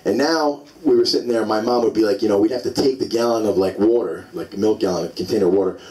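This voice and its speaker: A man's voice: on the low side, fast talker, mellow, recorded from a distance, poor audio. A man in his forties doing a stand-up comedy set, telling loose, rambling stories full of fillers on a club stage. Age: 40s.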